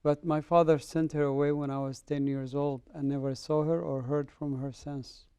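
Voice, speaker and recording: Middle-aged man from the Middle East, lively interview testimony, slightly high and mellow, dry studio. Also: moderate pace, smooth, no echo. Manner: animated storyteller, acts out dialogue. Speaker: interview guest.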